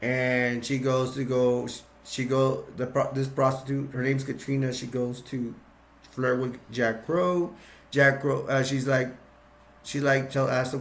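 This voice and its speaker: A man's voice: mid-range voice, flat delivery, unhurried. Rambling man recapping a film in an echoey room. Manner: rambling, with restarts and frequent chuckles. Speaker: film reviewer. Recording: roomy echo.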